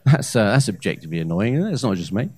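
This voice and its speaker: A man in his thirties performing a live stand-up set on a comedy club stage into a handheld mic, with hesitant fillers and loud punchlines. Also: on the low side, big pitch swings, rapid-fire, breathy edge. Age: 30s.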